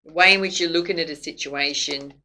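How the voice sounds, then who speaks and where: A woman's voice: low-pitched, a little fast, pushed and bright, low-quality recording. A woman doing a casual tarot reading to camera, chatty and laughing often. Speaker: psychic tarot reader.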